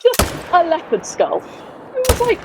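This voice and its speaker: A woman's voice: extremely high pitch, huge pitch swings, unhurried, gravelly, noisy background. A woman in her twenties with a Somerset accent, chatting casually on a gaming stream, laughing often and poking fun at herself. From Somerset, England. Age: 20s. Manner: chatty, giggly and self-deprecating. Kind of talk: casual chat while gaming.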